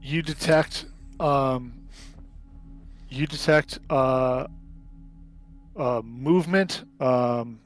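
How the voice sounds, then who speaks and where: A man runs a tabletop game at a slow, halting pace, full of pauses and fillers. His pitch sits mid-range, and faint music plays under him. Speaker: game master.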